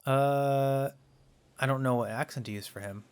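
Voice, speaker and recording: A man's voice: mid-range voice, moderate pace, clean tone. A man giving casual gameplay commentary as a let's play host, chatty and wondering aloud.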